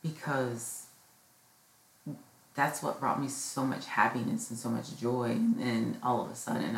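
A mother in middle age talks through her feelings about her children growing up, heartfelt and full of fillers. Her voice sits extremely low with a gravelly fry. The room is echoey, with a faint hiss of noise behind her. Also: measured pace. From United States. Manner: heartfelt, rambling with many fillers. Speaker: podcast host. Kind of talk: personal reflective monologue.

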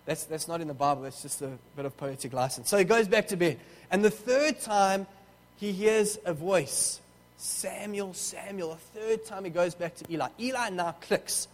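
A man's voice: high voice, expressive, moderate pace, long reverb tail. A man preaching a sermon, telling a story with touches of humor and often restarting his sentences.

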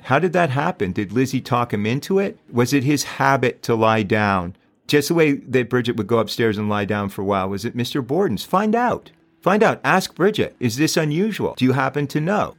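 A man hosting a true crime podcast, talking emphatically and firing off rhetorical questions. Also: medium pitch. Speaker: podcast host.

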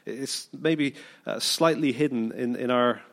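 Animated British preacher, mid-pitched man. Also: a little slow, vocal fry. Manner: animated storytelling, acting out the people he quotes, stumbling over repeated words. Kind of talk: sermon.

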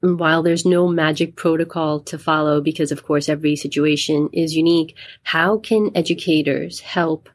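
A woman interviewer asking measured, prepared questions. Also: low voice, darkish tone.

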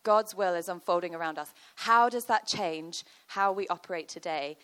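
A woman's voice: on the low side, moderate pace, fairly bright tone, clear, resonant tone. A woman giving a chatty, conversational sermon, full of fillers and storytelling. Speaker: church speaker.

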